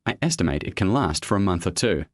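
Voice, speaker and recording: A man's voice: sits low, expressive, fast talker, no echo, clean studio sound. A man voicing a cocky young male martial artist who teases the people around him. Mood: teasing. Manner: smug, teasing.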